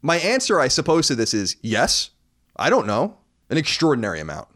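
A man from New York with a mostly faded New York accent, hosting a casual podcast in a fast, sardonic, animated way. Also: mid-range voice. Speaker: podcast host.

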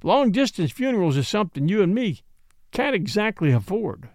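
A man's voice: high voice, sing-song, normal speed, darkish tone, dry recording, clean studio sound. A man voicing a practical, level-headed frontier dog-driver in plain, matter-of-fact backwoods talk. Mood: agreeing.

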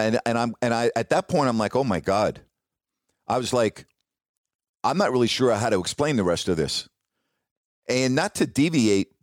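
A man's voice: medium pitch, dry recording, studio quality. A middle-aged man, a former sportscaster, telling a long personal story in a rambling, self-interrupting way. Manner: rambling, self-interrupting, quotes others in dialogue. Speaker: former sportscaster, podcast host. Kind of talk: casual storytelling monologue.

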